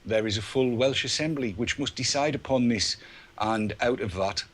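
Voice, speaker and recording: A man's voice: medium pitch, normal speed, a bit bright. A man co-hosting a casual online chat show, with a dry, jokey delivery. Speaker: co-host.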